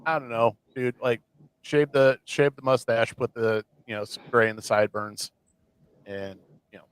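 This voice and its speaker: A man's voice: mid-range voice, flat delivery, moderate pace, clean tone, poor audio. A man hosting a casual podcast chat, rambling with many fillers and restarts. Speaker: podcast host.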